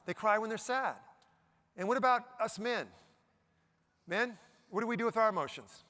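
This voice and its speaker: A middle-aged man giving a lively talk to a live audience, joking and asking the crowd questions. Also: high voice, normal speed, pauses often. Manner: animated, jokey, asks the audience questions. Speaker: motivational speaker. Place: event stage before a live audience.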